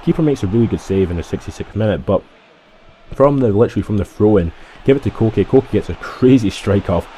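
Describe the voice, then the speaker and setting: A man's voice: on the low side, expressive, warm tone, a little hiss or hum, low-quality recording. A man giving rambling, casual commentary over his own football game recording, often correcting himself as he goes. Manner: rambling, self-correcting, fast-talking. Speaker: gaming YouTuber.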